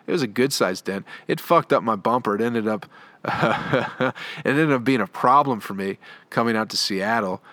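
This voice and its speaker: Young man, rambling comic storyteller, profane and laid-back, lowish voice, dry close sound. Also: fairly bright tone, no echo. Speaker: comedian. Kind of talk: storytelling monologue.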